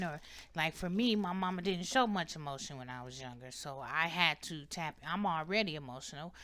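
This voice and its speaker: Woman tarot reader, low and bright, emphatic and preachy. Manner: emphatic, preachy, repeats "okay?" often. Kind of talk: casual spiritual advice monologue.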